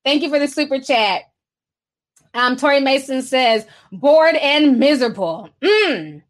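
A woman with a high voice runs a casual livestream, reading out viewer messages and trading gossip. She talks in a sassy, chatty way and mocks people by acting out their quotes. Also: lively intonation, a little slow. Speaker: livestream host reading super chats. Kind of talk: casual celebrity gossip commentary.

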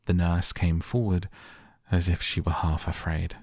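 A man narrating a classic novel as a soft bedtime audiobook, calm and measured. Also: sits low, no echo, clean studio sound.

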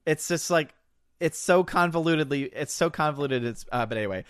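A man's voice: fairly high pitch, lively intonation, a little fast, fairly bright tone, no echo, clean studio sound. A man hosting a casual podcast, rambling about films, laughing often and acting out quotes. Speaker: podcast host reading chat. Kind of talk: casual chat.

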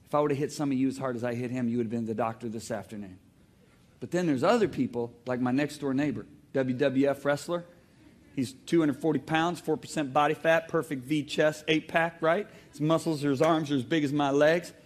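A man preaching a sermon to a congregation, telling stories in an animated way with loud outbursts and calls for the crowd to answer back. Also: medium pitch, fairly quick. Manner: animated storytelling, bursts into loud exclamations. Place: church hall before a congregation.

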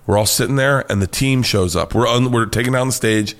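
A man from the United States, a comedian guest in an interview, telling stories in a loud, profane, animated way and laughing often. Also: mid-range voice, fairly quick. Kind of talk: casual storytelling interview.

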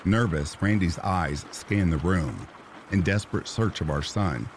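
Deep, unhurried male horror narrator, somber delivery, soft rain underneath. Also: animated, a little hiss or hum. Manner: slow, somber storytelling. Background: rain sounds.

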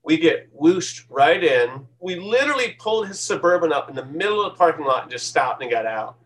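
A man in his fifties, a tattoo artist, telling lively anecdotes in an interview. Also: on the high side, brisk, distant mic, poor audio. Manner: lively anecdotal, acts out quoted voices. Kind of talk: storytelling interview.

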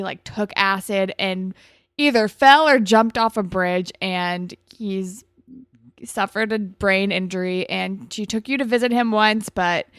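A woman's voice: mid-range voice, dry recording, clean studio sound. A woman co-hosting a podcast, retelling a TV episode in casual chat with "like" fillers and small restarts. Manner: steady plot summarizing with "like" fillers and small restarts. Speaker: podcast co-host.

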